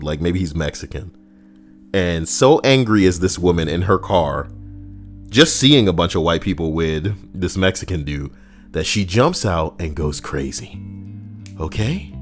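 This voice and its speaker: A man hosting a video, delivering an animated, profane commentary rant. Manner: animated, profane, swinging up and down in pitch. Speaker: video host.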